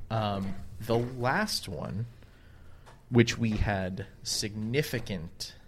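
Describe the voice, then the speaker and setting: Low-voiced man in rambling casual chat. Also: a little hiss or hum. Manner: rambling, hedging with many fillers and restarts. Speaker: podcast co-host.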